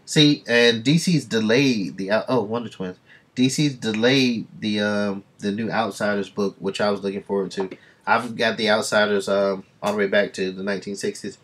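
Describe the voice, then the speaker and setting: A man reading comics aloud on a stream, rambling through enthusiastic fan asides and dropping into quick voices for the characters. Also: on the low side, steady tone, a bit bright. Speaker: comic book reader and streamer. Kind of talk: casual comic reading commentary.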